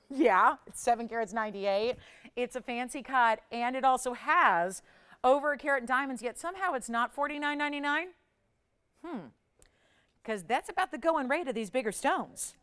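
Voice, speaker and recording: A woman's voice: fairly high pitch, fairly bright tone, clear, resonant tone. A middle-aged woman hosting a live jewelry sales show, bubbly and persuasive, laughing often as she urges viewers to call. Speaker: shopping channel host.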